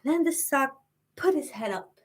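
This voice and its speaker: A woman hosting a live psychic stream, chatting casually and telling stories in an animated way. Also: high-pitched, normal speed.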